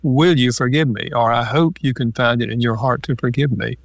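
A man's voice: medium pitch, fairly quick, vocal fry, no echo, studio quality. An older man, an author and marriage counselor, answering interview questions and acting out example phrases as he explains. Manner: explains in numbered lists with acted-out example quotes.

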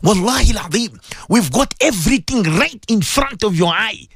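A man's voice: sits high, expressive, normal speed, a bit bright, husky, no echo, clean studio sound. A man preaching a radio sermon, impassioned and pleading, repeating himself and mixing Arabic religious phrases into his English. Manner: impassioned, pleading, repetitive exhortation.

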